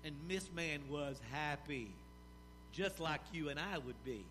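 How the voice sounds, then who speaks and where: A man preaching a sermon in an animated style, with rising emphasis and pauses. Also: on the high side, a little hiss or hum. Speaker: pastor.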